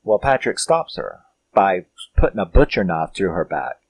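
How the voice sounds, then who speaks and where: A man's voice: low voice, very animated, moderate pace, creaky, breathy edge. A man casually recapping a film's plot, rambling with lots of fillers and laughs. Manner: rambling, loose, with frequent "you know" fillers; laughs often while retelling. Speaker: film reviewer.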